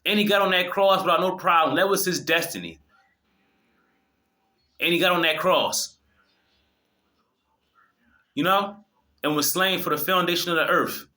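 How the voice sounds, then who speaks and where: A man's voice: high-pitched, moderate pace, long pauses, bright, forceful tone. A man delivering an impassioned, preachy monologue to his viewers, swearing freely and often restarting his sentences. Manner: fervent, preachy, profane, many restarts. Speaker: video host.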